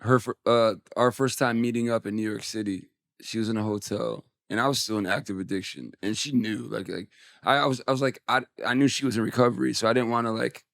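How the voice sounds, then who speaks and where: Gravelly man telling a candid story. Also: fairly low pitch, fairly even intonation, fast, fairly bright tone, dry recording, studio quality. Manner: candid, emotional, swears freely. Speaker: guest musician. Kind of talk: casual interview storytelling.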